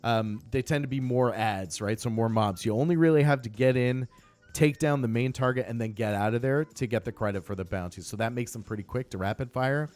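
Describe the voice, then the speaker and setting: A man's voice: medium pitch, a little fast, a little mellow, faint music behind. A man chatting casually on a game live stream, upbeat and greeting viewers by name.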